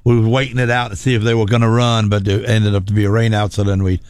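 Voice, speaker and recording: A man's voice: lowish voice, level tone, darkish tone, clean tone, dry recording, clean studio sound. Plain-spoken man telling a story. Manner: plain-spoken, halting with restarts. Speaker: guest. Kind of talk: casual storytelling.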